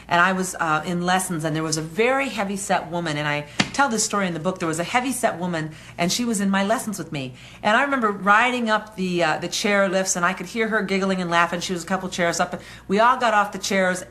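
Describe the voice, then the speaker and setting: A woman's voice: medium pitch, bright, forceful tone. A woman giving a motivational self-help talk on anxiety, speaking earnestly in a conversational, storytelling way.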